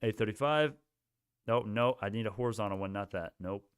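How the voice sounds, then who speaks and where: A man's voice: lowish voice, a little fast, clear, resonant tone, no room sound, studio quality. A young man hosting a casual stock livestream, ranting heatedly at his chat with many restarts.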